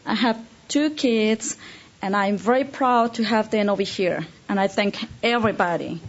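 A woman's voice: medium pitch, normal speed. A woman from Colombia giving a short, heartfelt speech as a new citizen. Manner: simple, heartfelt statements. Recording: dull lo-fi recording.

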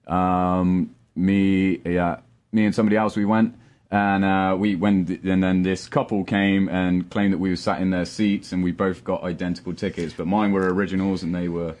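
A man's voice: deep voice, little pitch movement, moderate pace, darkish tone. A man in a casual chat, hesitant with many fillers.

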